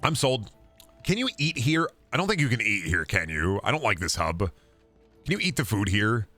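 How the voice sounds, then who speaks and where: A man streaming a video game, chatting casually and profanely with his viewers in an animated way. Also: fairly low pitch, normal speed, faint music behind. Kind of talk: casual gaming stream commentary.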